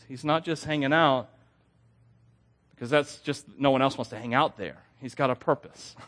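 Animated preacher man with a higher voice. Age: young adult. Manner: animated, self-deprecating storytelling with laughs. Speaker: pastor. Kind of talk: sermon.

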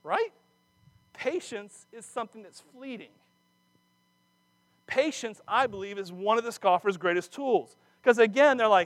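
A man giving a sermon, animated and chatty, often breaking off mid-phrase to start again and slipping in jokey asides. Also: high voice, normal speed, no echo. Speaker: preacher. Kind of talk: sermon with personal stories.

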